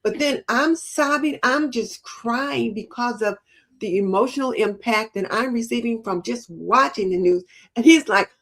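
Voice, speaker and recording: Woman co-host, kinda high voice, tells stories with lots of feeling. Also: unhurried. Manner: expressive storyteller, emphatic. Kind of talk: casual livestream chat.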